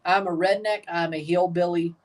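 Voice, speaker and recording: A man's voice: sits high, fairly even intonation, moderate pace, far from the mic. A man with a Southern American accent hosting a livestream soccer watchalong, chatting casually in a rambling, folksy, emphatic way. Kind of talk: casual live match reaction.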